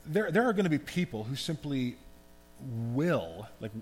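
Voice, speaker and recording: A man giving a conversational, animated sermon as pastor. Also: fairly high pitch, moderate pace. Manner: conversational, animated preaching with asides. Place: church hall. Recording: long hall reverb, faint hum.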